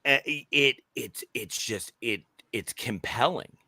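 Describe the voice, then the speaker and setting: A man co-hosting a podcast, talking excitedly in casual chat with many restarts and halting phrases. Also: mid-range voice, dry recording, clean studio sound. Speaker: podcast co-host.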